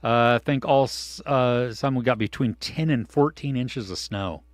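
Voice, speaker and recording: A man co-hosting a casual live stream, reading viewers' comments and swinging from excited outbursts to low mutters. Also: moderate pace, dry recording, studio quality. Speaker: podcast co-host reading live chat. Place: home studio.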